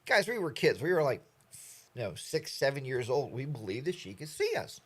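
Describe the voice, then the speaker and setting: Older male stream host, casual chatty delivery, lively up-and-down voice, middle pitch. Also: normal speed, husky. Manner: rambling, jokey, animated storytelling. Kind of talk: casual chat greeting viewers.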